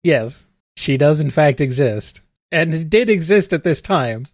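A woman's voice: deep voice, lively intonation, unhurried, dry recording, clean studio sound. A woman co-hosting a casual podcast who mostly agrees and teases with short replies. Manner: agreeable, teasing, brief backchannels.

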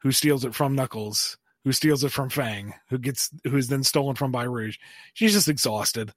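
A man's voice: mid-range voice, normal speed, no room sound, clean studio sound. A man co-hosting a casual podcast, answering listener questions by playfully riffing out silly scenarios.

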